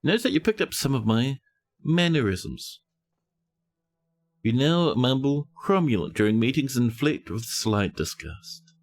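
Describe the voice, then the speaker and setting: A man's voice: medium pitch, sing-song, a little slow. Playful New Zealand man streaming a game. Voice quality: soothing. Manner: playful, teasing chat with mock-dramatic asides. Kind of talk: casual live-stream commentary.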